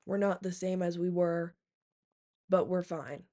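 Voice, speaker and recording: A woman's voice: lowish voice, level tone, measured pace, mellow. A young woman vlogger telling a long personal story in a rambling casual chat, full of fillers and swearing. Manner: rambling, heavy use of "like" and "um", profane.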